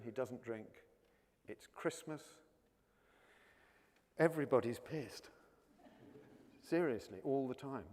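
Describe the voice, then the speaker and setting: A man with a near-RP English accent, talking as a guest actor in an onstage conversation. His pitch sits at an ordinary middle level, and he tells his stories in a chatty, anecdotal way, doubling words as he restarts. His voice rings with the long reverb of a college hall. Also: a little mellow. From South London. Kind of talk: onstage conversation before an audience.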